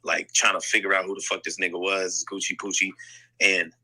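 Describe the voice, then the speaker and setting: Low, husky man telling a blunt story. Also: level tone, brisk, sharp tone, low-quality recording. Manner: blunt, profane storytelling with lots of fillers. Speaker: guest rapper telling a story. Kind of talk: casual chat in an audio chat room. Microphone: phone mic in an online audio room.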